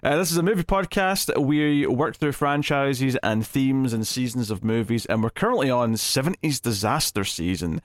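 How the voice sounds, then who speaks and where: A man's voice: medium pitch, normal speed, few pauses, no room sound. Chatty male podcast host, dry close sound. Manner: chatty, animated, laughs often. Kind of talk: casual movie podcast chat.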